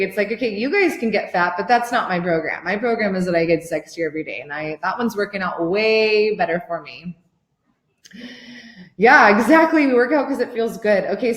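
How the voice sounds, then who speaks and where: A woman in her thirties, a life coach giving a motivational workshop pitch, gushing and excitable and swearing freely. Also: roomy sound. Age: 30s.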